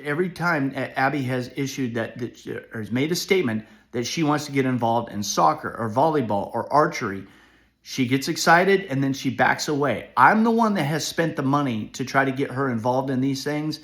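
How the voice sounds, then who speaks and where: A man's voice: mid-range voice, a bit bright. A middle-aged man at home giving a frustrated commentary as a parent, emphatic and often repeating "all right?".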